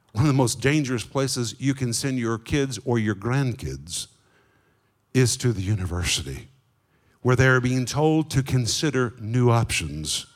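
Emphatic male Bible teacher. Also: medium pitch. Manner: emphatic, slows down to stress key words; explains Greek words and asks the audience questions. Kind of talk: sermon teaching.

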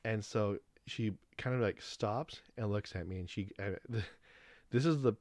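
Man, podcast host, low voice, casual rambling storytelling, dry close recording. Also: a little slow, no room sound. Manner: rambling, animated retelling with quoted dialogue.

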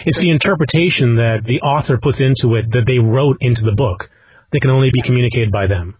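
A man's voice: medium pitch, fast talker, breathy edge, no echo. A man hosting an interview, talking in an easygoing, encouraging way. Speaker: podcast host and audiobook narrator. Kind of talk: casual interview chat. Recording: dry, dull podcast audio.

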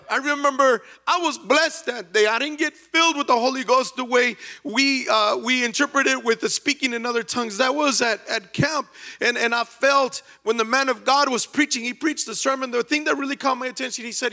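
A man's voice: extremely high pitch, normal speed, pushed and bright. A man preaching a sermon and sharing a personal testimony, fervent and repetitive, building to near-sung emphasis.

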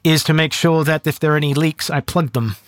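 A man voicing a sharp female interrogator who talks in a dry, teasing way. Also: a little high, steady tone, brisk, a little hiss or hum, lightly acted.

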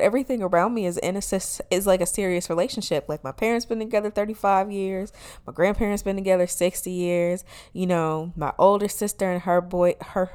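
Woman podcast host in her twenties, clear smooth voice, sassy comic solo rant, loose and profane. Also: medium pitch. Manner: animated, sassy, swears freely. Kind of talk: casual comedic monologue.

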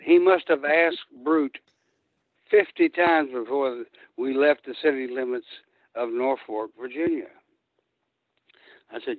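An older man, a retired pro wrestler appearing as a guest, tells rambling, casual stories and animatedly acts out quotes. His mid-range voice is slow with frequent pauses, coming through a tinny, dry phone line.

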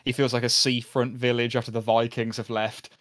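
A man co-hosting a podcast, chatting casually and enthusiastically with quick asides. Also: medium pitch, flat delivery, fairly bright tone. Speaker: podcast co-host. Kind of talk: casual chat.

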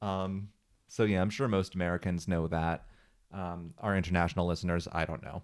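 A man co-hosting a podcast in a relaxed, conversational way. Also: deep voice, a little fast. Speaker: podcast co-host. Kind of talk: casual podcast chat. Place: Pennsylvania.

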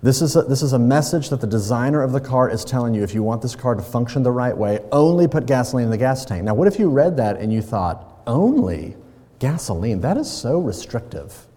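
Warm-voiced man preaching in a reverberant hall. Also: mid-range voice, expressive, fast, few pauses. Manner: conversational preaching with playful everyday examples. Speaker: pastor. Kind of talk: sermon. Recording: long reverb of a large hall.

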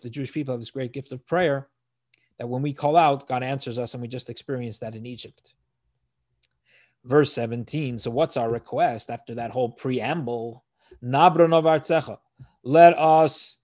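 A man's voice: medium pitch, a little mellow. A man teaching a verse-by-verse scripture lesson, reading Hebrew phrases and translating them one by one in an earnest, explanatory way. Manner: earnest, explanatory, with frequent restarts. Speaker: Torah teacher.

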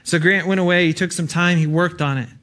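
A man's voice: fairly high pitch, steady tone, a little fast, a bit bright. A young adult man preaching an earnest, conversational sermon with frequent fillers.

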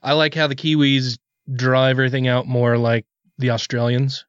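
A man co-hosting a casual podcast, joking around and swearing without a second thought. His voice sits at an ordinary pitch. The recording is dry and slightly dull, with no room sound. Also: little pitch movement, normal speed, clean tone, no echo. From Wisconsin. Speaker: podcast co-host.

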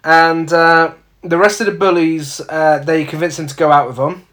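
A man's voice: on the high side, flat delivery, normal speed, a bit bright. A man, casually recapping a film's plot with sweary, sardonic asides. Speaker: podcast co-host. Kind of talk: casual film review chat.

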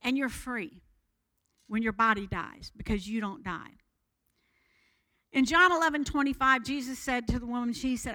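A woman pastor preaching a sermon, animated and expressive, shifting her voice loud and soft as she teaches. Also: a little high, moderate pace, long pauses, poor audio.

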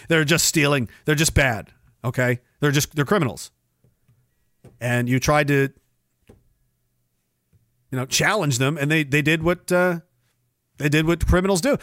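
The sound is clean and studio-like, free of echo, and the man's voice is a bit bright. Hosting a livestream, he rambles through profane rants, ridiculing others by mimicking them in high, sarcastic voices.

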